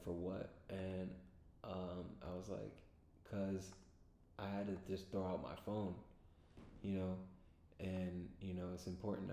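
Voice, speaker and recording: A man vlogging, casually telling a rambling story to his own camera mic, with lots of fillers. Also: warm tone. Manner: rambling, laid-back, full of fillers. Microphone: self-recorded camera mic. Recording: echoey room with faint rumble.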